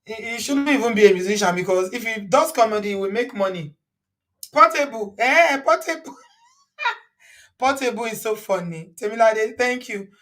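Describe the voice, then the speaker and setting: A woman's voice: fairly high pitch, expressive, moderate pace, a bit bright, far from the mic. A Nigerian woman hosting a casual reaction chat, laughing often and slipping into Yoruba words. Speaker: host reacting to a video.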